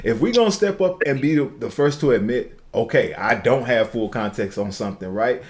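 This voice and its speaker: A man's voice: mid-range voice, lively intonation, a little fast, a little hiss or hum. A man co-hosting a podcast who argues his point in a casual debate, cutting in on others and acting out quotes. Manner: argumentative, acts out quotes, interrupts. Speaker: podcast co-host. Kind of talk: casual debate among friends.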